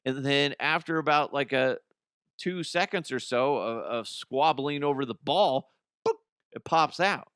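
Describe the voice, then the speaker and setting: A man's voice: mid-range voice, unhurried, fairly bright tone, clear, resonant tone, no echo, studio quality. A man hosting a comedy podcast, ranting animatedly with profanity and laughing at his own jokes. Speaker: podcast host.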